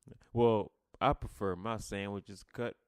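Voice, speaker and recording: A man's voice: fairly low pitch, steady tone, clear, resonant tone, dry recording, studio quality. A man with a slight stutter co-hosting a podcast, chatting casually and choosing his words carefully. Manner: slow, careful wording, chuckling. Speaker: podcast co-host. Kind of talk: casual chat.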